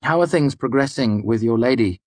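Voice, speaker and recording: A man's voice: mid-range voice, expressive, moderate pace, a little mellow, dry recording, pitched above the performer's own voice, natural voice. A man reading an audiobook, voicing a young male courtier who speaks formally and deferentially. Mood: polite, deferential.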